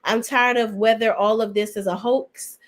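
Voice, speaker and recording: A woman's voice: on the high side, moderate pace. Sassy, blunt woman podcast host. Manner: sassy, animated, blunt, slangy. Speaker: podcast host reviewing reality TV. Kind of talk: casual opinionated recap commentary.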